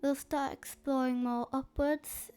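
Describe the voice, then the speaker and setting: A woman narrating a map history video in a slow, hesitant way, with a stuffy, snotty nose and frequent fillers. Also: sits high, little pitch movement, mellow.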